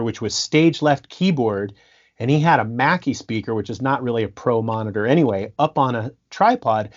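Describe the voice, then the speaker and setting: A man telling stories in a casual podcast interview, animated, laughing often and restarting his sentences. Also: medium pitch, muffled recording. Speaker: guest musician and sound engineer.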